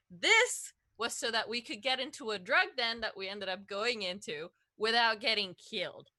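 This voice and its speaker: Lively, bright-voiced woman player. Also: fairly high pitch, normal speed, hardly any pauses, dry recording. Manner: sassy, laughing banter. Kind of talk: in-character tabletop role-play.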